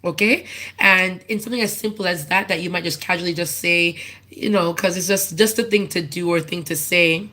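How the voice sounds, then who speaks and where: A woman's voice: lowish voice, brisk, bright, forceful tone. Earnest woman searching for words. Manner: searching for words, with frequent restarts and repeats; earnest and candid. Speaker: church speaker giving a tribute. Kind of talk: personal testimony, informal.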